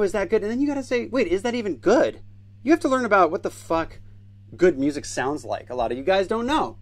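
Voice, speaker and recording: Man, thirties, livestream host, casual motivational monologue, swears freely, slightly higher voice. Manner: blunt, profane, motivational.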